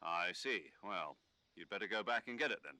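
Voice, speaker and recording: An actor playing a commanding older British military officer who briefs his operative over the radio in a video game, in a crisp, instructive manner. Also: deep voice, lively intonation, moderate pace, sharp tone, exaggerated voice. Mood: instructing. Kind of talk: video game cutscene dialogue.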